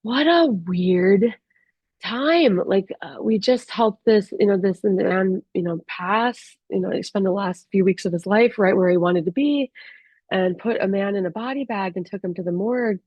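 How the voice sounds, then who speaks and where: Woman, rural doctor, personal storytelling, halting and candid, dry close sound, dull lo-fi audio. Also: mid-range voice, slightly rough, no echo. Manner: candid, halting, with many restarts and fillers.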